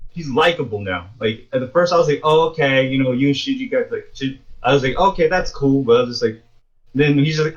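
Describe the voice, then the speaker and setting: A man's voice: medium pitch, fast, lo-fi sound. A man co-hosting a podcast, chatting casually and swearing a lot, acting out the quotes in his stories. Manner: animated retelling with acted-out quotes, heavy swearing. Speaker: podcast co-host. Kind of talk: casual chat.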